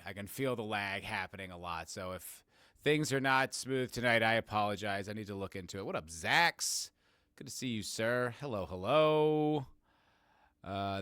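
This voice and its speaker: A man's voice: fairly low pitch, pushed and bright, clean tone, dry recording, studio quality. A man hosting his podcast as a casual live-stream chat, rambling and joking and greeting chat viewers by name. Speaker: podcast host.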